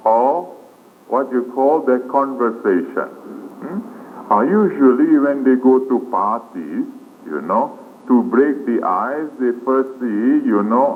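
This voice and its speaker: A man, a Buddhist monk, giving a dharma talk slowly with frequent questioning "hmm?" and "huh?" tags. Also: medium pitch. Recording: tinny lo-fi 1980s tape with faint hiss.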